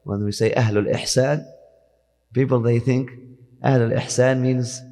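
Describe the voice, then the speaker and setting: Male scholar, fast-paced, reciting and explaining verses, gravelly voice in a reverberant hall. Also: mid-range voice, steady tone, dark tone. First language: Arabic. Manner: deliberate, repeats words, recites Arabic verses. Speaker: Islamic scholar teaching Quran. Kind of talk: explanatory Quran lesson, mixing Arabic and English.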